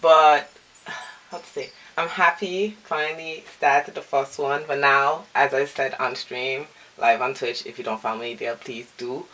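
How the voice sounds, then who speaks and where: A woman's voice: very deep voice, steady tone, measured pace, fairly bright tone. A young woman with a French accent chatting casually in a vlog, grateful and rambling, often restarting her sentences. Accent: French-accented English. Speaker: vlogger and streamer.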